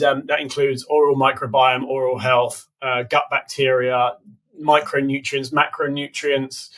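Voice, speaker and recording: A man with a British accent, a podcast guest explaining health topics casually, quick and full of fillers. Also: medium pitch, a bit bright. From United Kingdom. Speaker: podcast guest, biohacking conference organizer. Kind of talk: casual interview answers.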